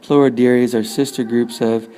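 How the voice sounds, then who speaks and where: A man touring a museum, chatting casually in a quiet, offhand way. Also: medium pitch, little pitch movement, normal speed. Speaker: travel vlogger. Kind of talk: casual museum walk-through commentary. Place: indoor museum hall.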